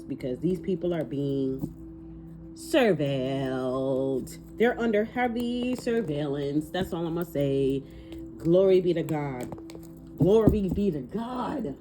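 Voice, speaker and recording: A woman giving an animated, casual tarot reading, swearing freely and talking aloud to spirit. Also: extremely low pitch, normal speed, music in the background. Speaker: tarot reader.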